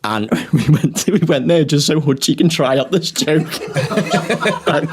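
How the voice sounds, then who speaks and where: A man's voice: a little high, unhurried, a crowd in the background. A young man, a comedian co-hosting a podcast, telling stories in casual chat, swearing often and laughing through them.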